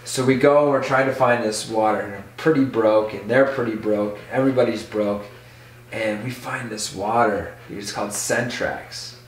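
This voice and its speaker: A man who is a podcast guest telling a casual story in an animated way, full of "like". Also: lowish voice, normal speed, far from the mic, a little hiss or hum. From Michigan. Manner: animated, full of "like", acts out voices in quotes. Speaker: podcast guest, BMX rider. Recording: echoey room, off-mic.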